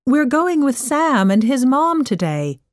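A woman's voice: sits high, very animated, a little slow, dry recording, studio quality, voice pushed up. A woman doing a stern scolding mother. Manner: scolding, raised voice. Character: stern, tired working mother.

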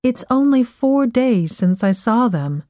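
A woman voicing a frightened fifteen-year-old boy who asks anxious, searching questions, read slowly for an audiobook. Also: a little high, big pitch swings, dark tone, dry recording, studio quality, voice pushed up. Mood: earnest.

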